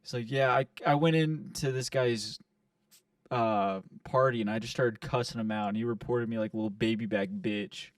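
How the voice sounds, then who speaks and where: A man's voice: medium pitch, moderate pace, no room sound, recorded from a distance. Young male podcast co-host, loose rambling storyteller, dry room, sits back from the mic. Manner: rambling, profane, quotes friends in put-on voices. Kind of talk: casual storytelling chat.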